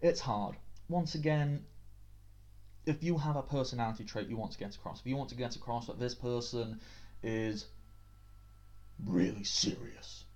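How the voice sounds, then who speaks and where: A man's voice: medium pitch, moderate pace, long pauses, a little mellow. A British man giving tabletop game master tips in a chatty, self-deprecating way, on a dull lo-fi recording. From Britain. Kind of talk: casual tips video.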